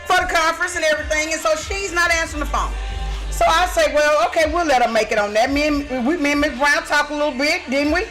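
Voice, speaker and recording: A woman from Texas with a Texan accent, hosting a podcast in casual, animated chat, laughing often and calling people baby. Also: high voice, quick pace, soft background music. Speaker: podcast host.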